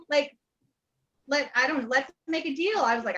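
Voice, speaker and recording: A woman's voice: high voice, normal speed, long pauses, fairly bright tone, muffled recording. A woman co-hosting a casual talk over a video call, telling a testimony with laughter and playful energy. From Ohio. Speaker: co-host sharing a testimony. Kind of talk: casual storytelling chat.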